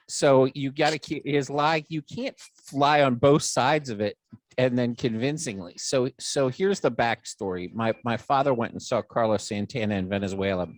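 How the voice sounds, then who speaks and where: A man's voice: medium pitch, normal speed, dry recording. A middle-aged man hosting a podcast, telling a long funny family story in casual chat and acting out the voices of the people in it. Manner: animated storyteller, acts out quoted voices, swears freely. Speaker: podcast host.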